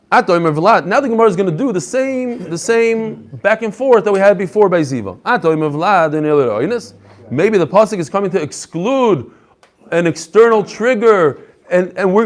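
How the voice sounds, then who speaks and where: A man teaching a daily Talmud class to a live group in an animated lecture, asking rhetorical questions and mixing English with Hebrew and Aramaic terms. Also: sits high.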